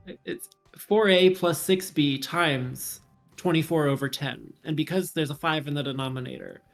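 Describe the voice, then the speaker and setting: Male stream commentator, gravelly, slightly high, casual and analytical. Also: steady tone, normal speed, soft background music. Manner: analytical, thinks aloud through numbers. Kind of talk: casual puzzle-solution commentary.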